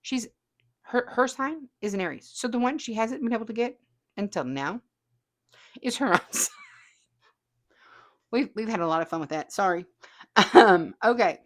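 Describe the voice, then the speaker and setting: A chatty woman with a slightly high voice hosts a relaxed stream, reading viewer comments aloud and laughing often. Her talk is loose and friendly, full of small asides. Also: moderate pace, pauses often. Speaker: host. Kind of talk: casual livestream chat reading comments.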